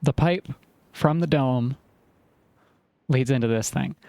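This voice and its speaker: A man's voice: medium pitch, slow, dark tone, no room sound. A man live-streaming a puzzle game, thinking aloud as he works through problems and apologizing for sounding snappy. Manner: apologetic and self-aware. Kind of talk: live-stream commentary while playing.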